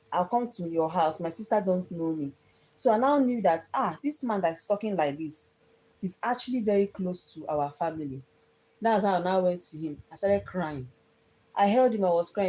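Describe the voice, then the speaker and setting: A woman's voice: mid-range voice, dark tone, low-quality recording. A young woman earnestly telling her life story to viewers on a phone livestream, often repeating herself. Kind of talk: casual personal storytelling on a livestream.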